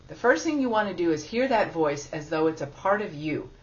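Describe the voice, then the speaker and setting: A woman's voice: on the low side, expressive, brisk. A woman giving a spiritual teaching talk in a chatty, self-deprecating way, laughing often. It sounds like a dull lo-fi recording.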